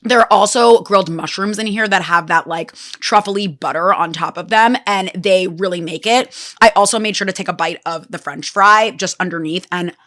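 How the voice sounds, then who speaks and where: A woman hosts a podcast in a casual, chatty way, eating as she talks. Her speech is loose and full of fillers. Her voice has a bright, forward edge at a middle pitch. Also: moderate pace, hardly any pauses. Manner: chatty, eating while talking, many fillers. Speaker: podcast host. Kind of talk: casual chat.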